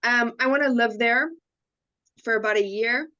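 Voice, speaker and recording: A fairly high-voiced woman chats freely and pokes fun at herself, filling her talk with "like" and "um." The call audio sounds a bit dull and muffled. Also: moderate pace, sharp tone. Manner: chatty, self-mocking, lots of "like" and "um". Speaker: English learner. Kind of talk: casual online group chat.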